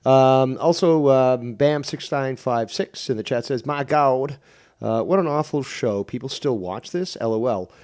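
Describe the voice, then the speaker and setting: A man's voice: mid-range voice, a little slow, darkish tone. Wry man hosting, reading chat aloud. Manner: wry, dry commentary. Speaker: host.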